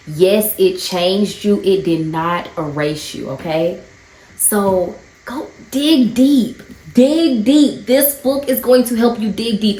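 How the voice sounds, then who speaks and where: A woman in her thirties, a mom of three, talking earnestly and encouragingly in a casual faith and motherhood vlog. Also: on the low side. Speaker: mom vlogger. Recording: roomy echo.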